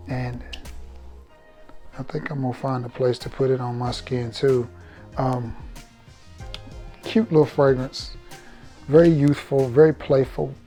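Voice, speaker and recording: A man's voice: medium pitch, warm tone. A man from Alabama with a Southern American accent, reviewing fragrances in a chatty, joking, self-assured way. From Alabama, USA. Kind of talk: casual storytelling vlog.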